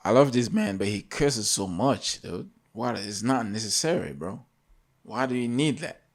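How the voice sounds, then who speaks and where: A man's voice: medium pitch, expressive, moderate pace. Emphatic African-born man hosting reactions. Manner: emphatic, repetitive, preachy. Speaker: reaction video host. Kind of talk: casual reaction commentary.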